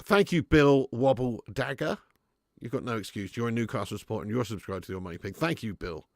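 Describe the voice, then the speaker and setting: A man hosting a live football watch-along, who is excitable and jokey and bantering with his chat. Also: medium pitch, fairly quick, vocal fry, dry recording, studio quality. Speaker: live stream host.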